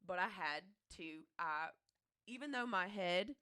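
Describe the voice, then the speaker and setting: Young woman podcast co-host, earnest, halting delivery, mid-pitched voice. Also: expressive, bright, forceful tone. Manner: earnest, halting, restarts her sentences. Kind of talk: casual chat.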